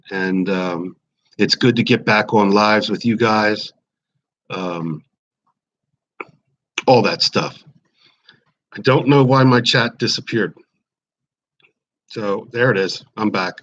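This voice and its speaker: A man's voice: fairly low pitch, fairly bright tone. A man, chatting casually on a home live stream, rambling and greeting viewers by name. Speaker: YouTube livestream host. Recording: slightly dull lo-fi stream audio.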